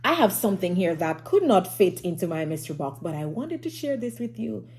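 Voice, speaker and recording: A woman's voice: medium pitch, sing-song, brisk, a little mellow. A woman teaching a phonics lesson to young children, encouraging and sing-song, who sometimes drops to a whisper to build suspense.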